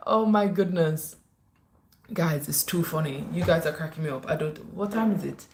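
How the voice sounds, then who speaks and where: A woman hosting a casual livestream on her phone, reading comments with animated, teasing swings between high playful lines and low asides. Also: normal speed. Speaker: livestream host. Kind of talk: casual live-stream chat reading comments.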